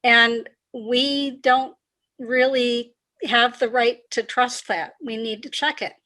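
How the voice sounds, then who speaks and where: Higher-voiced woman coach explaining ideas. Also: fairly even intonation, pushed and bright. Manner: explanatory, measured, repeats key phrases. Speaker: executive coach, guest. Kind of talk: conversational interview.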